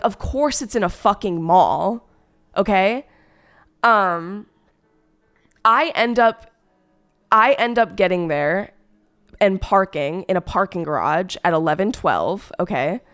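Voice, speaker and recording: A woman's voice: medium pitch, expressive, a little slow, long pauses, a bit bright, clean tone. A woman streamer who is sick, telling a story in a rambling, exasperated way with lots of fillers. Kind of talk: casual storytime chat.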